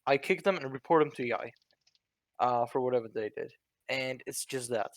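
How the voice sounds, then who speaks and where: A young Czech man, an online roleplay group leader, chats casually on a voice call with a Czech accent, laughing often and restarting his sentences. His medium-pitched voice is brisk, with no room sound.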